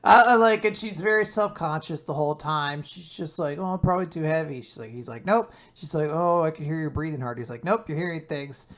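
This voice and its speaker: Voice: medium pitch, brisk, hardly any pauses. Enthusiastic podcast co-host with casual swearing. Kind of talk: casual chat reacting to a manga chapter.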